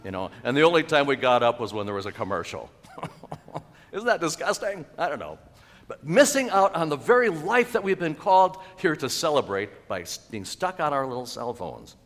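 A male pastor preaching a sermon in a church, animated and chuckling, with sudden loud exclaimed quotes. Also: fairly high pitch, normal speed, in a large hall. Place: church sanctuary.

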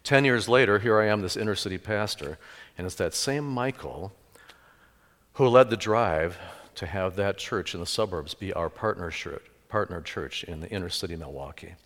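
A middle-aged male pastor preaching a sermon in a church, telling stories with sudden loud emphases. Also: low voice, moderate pace. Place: church sanctuary. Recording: echoey church hall with long reverb.

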